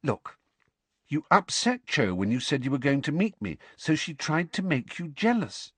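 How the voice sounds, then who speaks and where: A man's voice: a little high, very animated, normal speed, fairly bright tone, slightly rough, no room sound, voice pushed up, heavily acted. A man voicing a clever teenage girl who explains things with a maddeningly patient air. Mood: patiently explaining. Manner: patient, lecturing.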